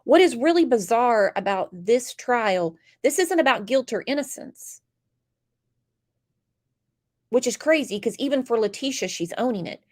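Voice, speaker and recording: Stuffed-up woman, slightly high voice, chatty and blunt livestream host. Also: animated, unhurried. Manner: chatty, greets viewers by name, opinionated. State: stuffed up, congested. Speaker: true crime livestream host. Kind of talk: casual livestream chat.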